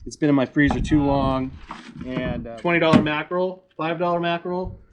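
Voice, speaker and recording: A man's voice: fairly high pitch, little pitch movement, fairly quick, background noise. A man hosting a casual fishing vlog, chatty and joking at his own expense. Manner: chatty, joking, self-mocking. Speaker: fishing channel host.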